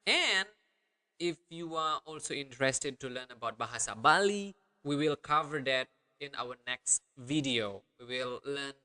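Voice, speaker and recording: A man teaching a language lesson online, upbeat and repeating phrases slowly for learners to copy. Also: medium pitch, lively intonation, bright, forceful tone, clean tone.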